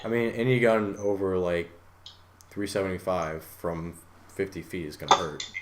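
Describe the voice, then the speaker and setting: A young man hosting a casual podcast, telling stories with a lot of laughter and sudden loud outbursts. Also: low-pitched, fairly even intonation, normal speed, heavy background noise. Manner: laughing storyteller, bursts into loud voices. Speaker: podcast host. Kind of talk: casual group chat.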